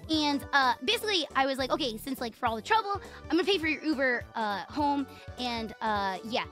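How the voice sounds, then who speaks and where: A woman streamer telling a story to her chat in a rambling, animated way, laughing often and swearing freely. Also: high voice, fairly quick, faint music behind. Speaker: VTuber streamer.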